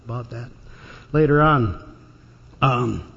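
A man's voice: sits high, lively intonation, moderate pace, bright, forceful tone. An older man preaching a storytelling sermon, folksy and anecdotal, with dry jokes. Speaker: pastor. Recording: dull sound in a reverberant church hall.

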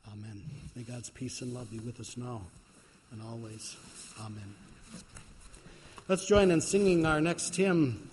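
A man's voice: mid-range voice, a little slow, pauses often, background noise. A man as pastor, preaching a sermon in a folksy way with frequent fillers.

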